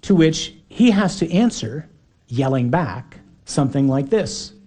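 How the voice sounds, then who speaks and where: A male preacher delivering an earnest, emphatic sermon. His voice sits fairly high but sounds mellow, with a husky grain. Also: expressive, a little slow. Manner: earnest, emphatic, acts out quotes.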